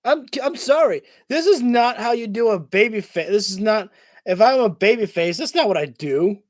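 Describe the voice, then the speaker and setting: A man's voice: sits high, expressive, normal speed, no echo, studio quality. A man hosting a livestream, reacting to a wrestling broadcast in an angry, profane rant. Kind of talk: live reaction commentary.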